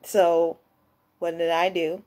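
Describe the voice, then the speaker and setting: A young woman telling a story in a casual, rambling monologue, with many restarts and excited rises in pitch. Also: slow pace. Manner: lively pitch jumps when excited. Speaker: vlogger.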